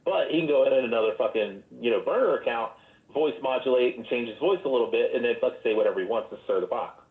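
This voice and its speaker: A man's voice: mid-range voice, fast. A profane, argumentative man rambles on in a heated online voice chat. His voice comes through thin and phone-like, with a roomy echo around it.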